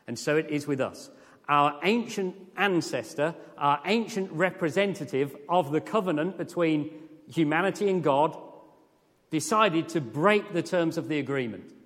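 A man preaching a sermon with earnest, lively emphasis that rises to emphatic peaks. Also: fairly high pitch, normal speed. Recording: long hall reverb.

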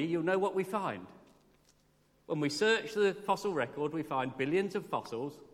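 Recorded with the long reverb of a church hall, a man with a slightly high, fairly bright voice delivers a morning sermon during the service. He keeps it earnest and conversational, regularly posing questions to the congregation.

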